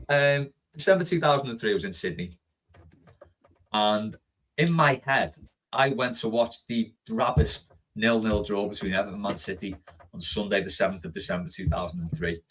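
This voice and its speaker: A man's voice: mid-range voice, fairly bright tone. Easygoing Scouse man hosting. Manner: easygoing, chats and hands turns to others. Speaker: podcast host. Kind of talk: casual chat.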